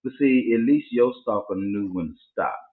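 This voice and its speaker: A podcast co-host with a drawl tells his co-host a story during a casual chat, animatedly slipping into voices for the people involved. His voice is on the low side at a normal speed, and it sounds tinny and phone-like, echoing in a roomy space.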